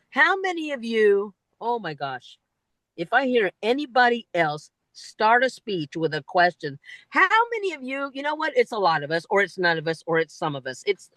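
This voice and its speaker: A woman giving a lively talk that coaches speakers on winning a speech contest, with emphatic delivery and frequent asides. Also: no room sound, low-quality recording. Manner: animated, emphatic, swings pitch widely for emphasis.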